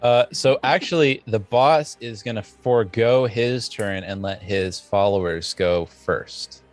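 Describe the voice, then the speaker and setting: Slow-talking low-voiced game master man. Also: soft background music. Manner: halting, many fillers and restarts. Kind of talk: narrating a tabletop game.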